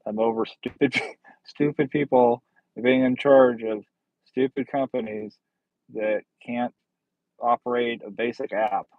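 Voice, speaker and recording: A man hosts a casual livestream, reading viewer comments and chatting in a blunt, sardonic, meandering style. His voice is medium-pitched with fairly even intonation and a measured pace. The sound is phone-quality with no room sound.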